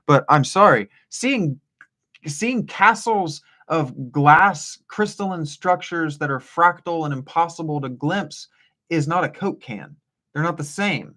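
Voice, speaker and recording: Man, host, reads passages aloud, rambling philosophical commentary, deep radio voice for the readings, restarts and asides. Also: a little slow, fairly bright tone.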